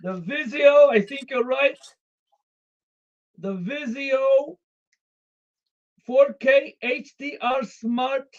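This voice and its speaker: A streamer playing a devoted Russian communist comrade with a put-on Russian accent, speaking in deadpan, formal broken English on a comedic live stream. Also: sits high, drawn-out words, long pauses, lo-fi sound.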